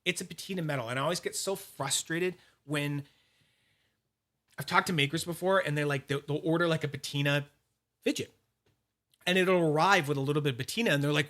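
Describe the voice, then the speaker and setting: Bright-voiced rambling man, casual chat. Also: on the high side. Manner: rambling, profane, reads chat names aloud; frequent restarts and fillers, quick asides. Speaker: fidget collector channel host. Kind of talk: casual livestream chat, demonstrating polishing.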